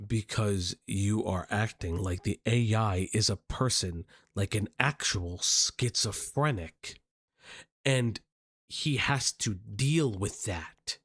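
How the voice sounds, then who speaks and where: A streamer reacting to a clip with profane, animated outbursts. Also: low-pitched, slow pace, slightly rough. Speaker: commentary streamer. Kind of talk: reaction commentary.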